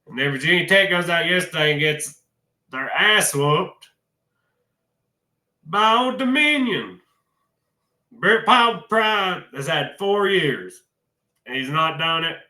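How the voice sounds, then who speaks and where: Man, very bright and sharp tone, echoey room, folksy emotional sports talk. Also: sits high. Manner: emotional, folksy, addresses viewers as y'all. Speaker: college football commentator. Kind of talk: casual sports vlog.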